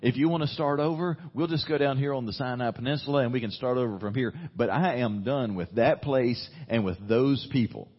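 A man's voice: mid-range voice, fairly quick, few pauses, in a large hall, lo-fi sound, voice pushed up, close to an everyday voice. A male preacher voicing a weary, resigned prophet who is bitterly quitting his post. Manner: bitter, defeated complaint.

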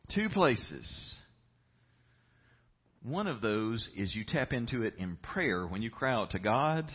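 A man's voice: very animated, a little slow, breathy edge. Fervent male pastor preaching, muffled recording. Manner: swings from low, quiet asides to loud, soaring emphasis; talks directly to the congregation with call-and-response. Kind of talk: sermon. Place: church sanctuary. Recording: muffled, lo-fi live church recording.

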